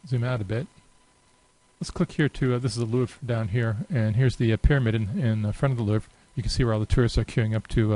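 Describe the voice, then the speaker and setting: Man casually narrating a software demo. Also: mid-range voice, vocal fry, rough recording. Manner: casual and unhurried, many filler pauses. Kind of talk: unscripted screen-share walkthrough.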